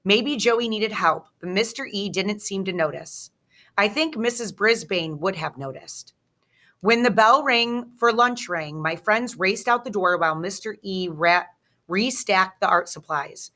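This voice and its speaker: A woman teacher reading a children's chapter book aloud with slow, expressive storytelling. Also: medium pitch.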